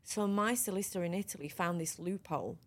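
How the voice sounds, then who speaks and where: A middle-aged woman guest telling her own story in a podcast interview, frank and lively, often restarting her sentences. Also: on the low side, fast.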